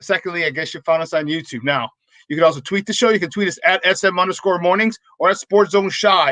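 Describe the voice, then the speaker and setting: Guy hosting sports talk, hyped and jokey, bright voice, real dry mic. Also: sits high, fast, no room sound. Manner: hyped, rhyming, playful banter. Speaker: sports talk show host. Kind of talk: energetic sports radio talk.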